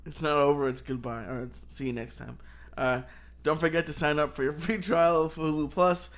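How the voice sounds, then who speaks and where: Easygoing man, slightly high voice. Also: fairly even intonation, normal speed. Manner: laughs easily, plugs shows and sponsors. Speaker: podcast co-host. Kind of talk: casual podcast chat.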